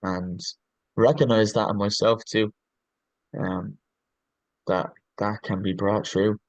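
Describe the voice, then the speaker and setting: A man's voice: lowish voice, steady tone, slow, no echo, poor audio. A man, a coach on a podcast, talking reflectively and earnestly, often restarting his sentences and searching for words with ums. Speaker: podcast guest, leadership coach.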